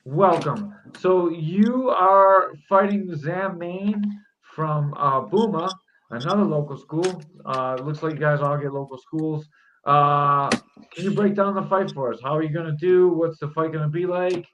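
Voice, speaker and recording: Podcast host, male, upbeat and rambling, a touch high-pitched, lo-fi muffled audio with faint hiss. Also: unhurried, a bit bright. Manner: upbeat, rambling, filler-heavy questions. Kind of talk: casual podcast chat.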